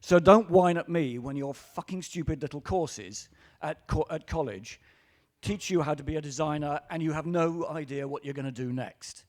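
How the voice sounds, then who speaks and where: A man's voice: fairly high pitch, moderate pace, a little mellow. An older British man ranting bluntly and profanely on a conference panel stage.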